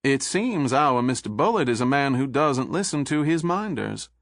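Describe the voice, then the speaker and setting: A man voicing a suave federal agent with a Southern accent, smooth, pleasant and coolly polite. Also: mid-range voice, sing-song, moderate pace, no room sound, clean studio sound, pitched above the performer's own voice.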